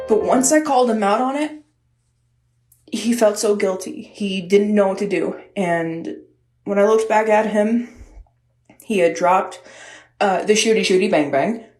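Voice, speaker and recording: A young woman telling a personal story in a casual, animated way, chatty and swearing freely. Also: medium pitch, reverberant.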